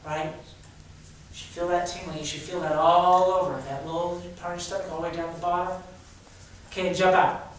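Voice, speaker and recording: A drama teacher coaches his class through an exercise, energetic and heavy on fillers, his high voice level in tone at normal speed with frequent pauses. He's recorded far from the mic in a very echoey school drama room with a hardwood floor, and a little hiss or hum is audible.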